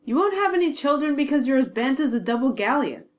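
A woman voicing an excitable, hot-headed teenage schoolboy wizard in an amateur audio drama, talking loud and eager. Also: high voice, quick pace. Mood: indignant.

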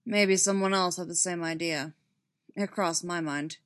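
A woman voicing a weary male Jedi master who speaks quietly and bleakly. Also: lowish voice, steady tone, measured pace, no room sound. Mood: grave.

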